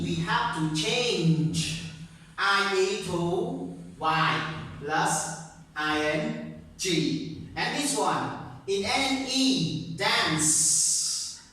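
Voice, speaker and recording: A male English teacher giving a grammar lesson, speaking slowly and repeating points, checking "okay?" often, with non-native grammar. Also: sits high, bright, forceful tone. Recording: very echoey room, distant mic.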